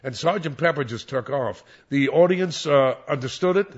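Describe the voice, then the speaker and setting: An older man, a former radio disc jockey, reminiscing in an interview in a rambling, animated way with many restarts. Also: mid-range voice, normal speed, slightly rough. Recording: dull lo-fi recording.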